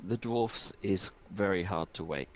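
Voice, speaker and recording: A man's voice: low-pitched, measured pace, a little hiss or hum, low-quality recording. A man narrating a tabletop game as game master, descriptive and hesitant with ums.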